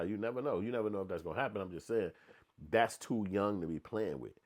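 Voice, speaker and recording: A man's voice: lowish voice, quick pace. A man giving a blunt, profane, slang-heavy commentary rant, stopping often to act out quotes in other voices.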